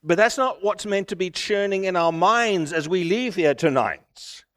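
A man's voice: high-pitched, animated, measured pace. Emphatic preacher man in a reverberant hall. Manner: emphatic, rising to forceful declarations. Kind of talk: sermon.

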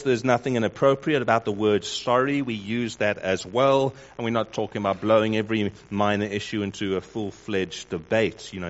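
A man preaching a sermon in a measured way, with wry mock-dramatic asides. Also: lowish voice. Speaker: pastor. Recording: dull lo-fi recording.

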